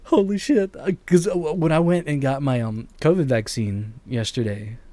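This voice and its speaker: A streamer in his late twenties rambles through casual live-stream chat as he games in his bedroom at home, chuckling often and cutting himself off. His slightly high, mellow voice moves at normal speed. The recording is dry, captured on a streaming mic with a noise gate.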